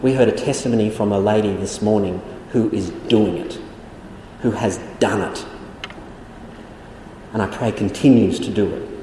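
A man's voice: on the low side, moderate pace, long pauses, dark tone, slight background noise. An Australian man preaching a sermon as pastor, earnest and questioning, often repeating his key phrases. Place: church hall. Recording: echoey hall with long reverb.

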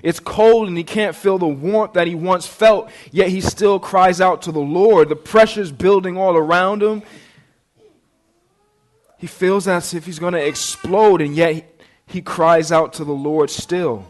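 A man's voice: sits high, fairly even intonation, measured pace. A man preaching a sermon in an earnest manner, asking the listeners direct questions. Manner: earnest, rising to impassioned pleading in quoted prayers.

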